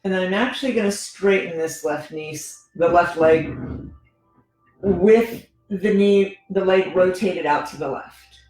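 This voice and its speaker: A woman teaching a gentle yoga class, talking the students through each pose in a relaxed, conversational way and often checking in with "right?". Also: on the low side, unhurried. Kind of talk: guided yoga instruction. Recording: very echoey room with faint music.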